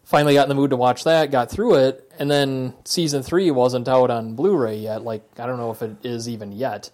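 A man's voice: medium pitch, a little fast. Rambling man in his thirties, chatting. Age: 30s. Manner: relaxed, rambling storytelling with frequent fillers. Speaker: podcast co-host. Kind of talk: casual chat.

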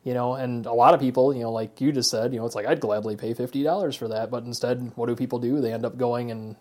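A man's voice: mid-range voice, fast talker. Thirtysomething guy on a podcast, loose rambly chat. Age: 30s. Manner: relaxed, rambling storytelling with frequent fillers. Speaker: podcast co-host. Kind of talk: casual chat.

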